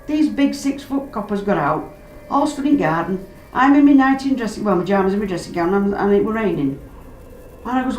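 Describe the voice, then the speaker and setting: Woman, chatty storyteller, mid pitch, roomy distant recording. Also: brisk, soft background music. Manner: animated, acts out quoted voices, dialect grammar. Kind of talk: casual storytelling. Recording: roomy, distant mic, background noise.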